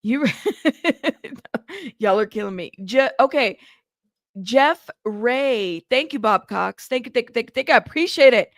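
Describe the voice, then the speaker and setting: A woman's voice: on the high side, animated, a little slow, no echo, clean studio sound. A woman hosting a news livestream in casual chat, talking straight to her viewers and laughing at herself.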